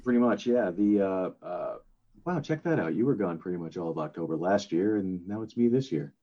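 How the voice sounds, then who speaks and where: An older man co-hosts a podcast, chatting casually and rambling with plenty of fillers and restarts. His voice sits low with a dark tone, and he talks fairly quickly and animatedly. The recording sounds lo-fi.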